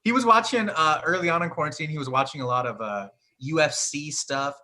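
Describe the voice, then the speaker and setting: A man doing stand-up bits as a comedy guest, animated and profane, mocking himself as he goes. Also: fairly high pitch, fairly quick. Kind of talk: stand-up bits on a live show.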